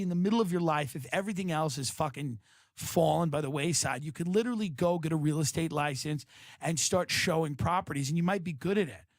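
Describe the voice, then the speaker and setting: A man's voice: fairly high pitch, no room sound. A man hosting a comedic chat, riffing in a rambling, profane way.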